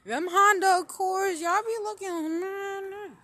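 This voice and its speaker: Slow-talking woman riffing casually. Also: extremely high pitch, fairly even intonation, sharp tone, no room sound. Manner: slangy, blunt, swears, drawn-out emphasis. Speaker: podcast host. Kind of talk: casual rambling commentary.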